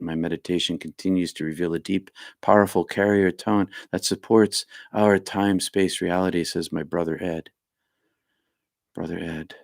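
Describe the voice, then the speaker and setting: Man, deep low voice, dry close sound, rambling reflective spiritual talk, halting restarts. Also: gravelly, no room sound. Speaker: spiritual leader reading viewer comments. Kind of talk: casual live-stream talk.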